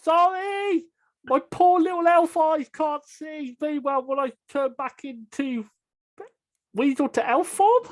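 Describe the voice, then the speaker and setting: A man putting on a squeaky sheepish little elf. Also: slow.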